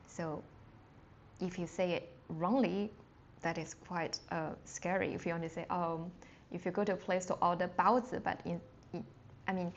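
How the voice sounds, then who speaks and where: A woman who speaks natively teaching a live online beginner lesson, chatty and full of fillers, slowly sounding out Chinese words with exaggerated tones. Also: on the low side, vocal fry. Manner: chatty, loose, with many fillers and self-restarts. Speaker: Mandarin teacher. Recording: dull lo-fi stream audio with faint background noise.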